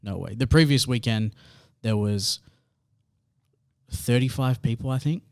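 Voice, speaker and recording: An Australian man speaks at a middle pitch with an easy, laid-back delivery, leaning on fillers as he talks things through. His voice is recorded close and dry, with no room sound. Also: unhurried, darkish tone, smooth, no echo. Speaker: podcast co-host. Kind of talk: casual podcast chat.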